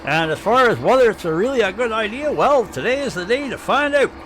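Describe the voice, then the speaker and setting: A man's voice: high voice, lively intonation, a little fast, fairly bright tone. Chatty man with an Ottawa Valley accent. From Ottawa, Canada. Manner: rambling, chatty, thinking aloud. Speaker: live streamer. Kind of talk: live gameplay commentary.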